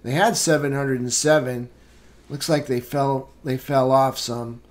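A man hosting a live trading room, calmly talking through market charts with casual fillers. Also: medium pitch. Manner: unhurried, plain chart commentary with fillers. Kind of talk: live market recap walkthrough.

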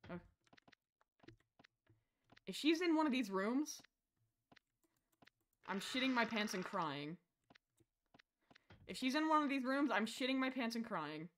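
A fairly high-voiced woman streaming a horror game. She lurches from shouted insults at the screen to soft muttered asides, and rambles jokingly with her viewers. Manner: swings between shouted insults and quiet mumbling; rambling, jokey chatter with chat.

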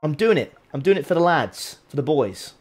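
A man chatting casually to viewers on his sim racing live stream, excitable and repeating his phrases. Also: on the high side, normal speed, faint music behind.

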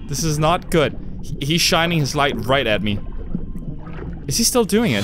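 A young man gives let's play commentary on a horror game, screaming and swearing at the scares and joking to himself, with game music and sounds clearly audible underneath. His voice is fairly high and very animated, a little slow, with frequent pauses.

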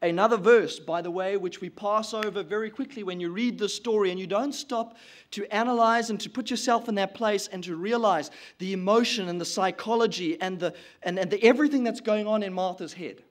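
A man preaching a sermon with a dramatic delivery, dropping to a hush and then rising loud as he voices the prayers of grieving people. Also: high-pitched, a little fast. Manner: dramatic, swings between hushed and loud.

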